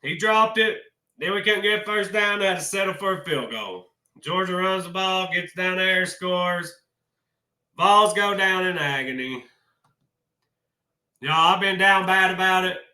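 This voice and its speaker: A man's voice: high-pitched, measured pace, pauses often, bright, forceful tone, echoey room. A man doing a casual sports vlog, talking emotionally and in a folksy way to his viewers. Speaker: college football commentator.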